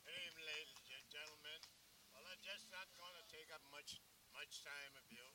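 A man's voice: a little high, normal speed, noisy background. An older man, a longtime newspaper seller, rambling about his years and calling out his paper cry. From New York. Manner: rambling, calls out paper cries.

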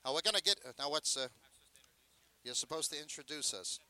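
Brash old carnival pitchman, bright voice. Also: lively intonation, a little fast. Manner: brash, joking showman's patter, loud sales pitches between chatty asides. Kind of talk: carnival pitch patter and reminiscing. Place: outdoor festival stage. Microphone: handheld microphone.

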